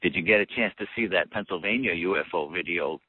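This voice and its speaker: A man with a Boston accent calling in to a radio show, friendly and relaxed. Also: low-pitched, fast talker, husky, no room sound. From New England. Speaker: caller. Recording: dry phone-line sound.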